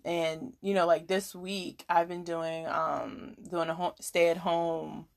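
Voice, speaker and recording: A woman's voice: on the low side, little pitch movement, takes it slowly, vocal fry. A woman in her thirties from the United States, co-hosting a podcast in casual, joking chat with slang and laughter. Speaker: podcast co-host.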